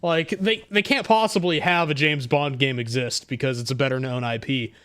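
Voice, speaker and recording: A young man streaming a game and ranting to chat, profane and quick to anger. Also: mid-range voice, fairly even intonation, a bit bright, clean tone. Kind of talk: casual gaming stream chat.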